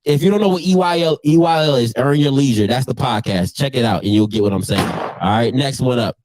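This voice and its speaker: A man hosting a casual sports call-in show, animated and quick to roast and laugh. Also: medium pitch, no echo, studio quality. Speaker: sports talk show host.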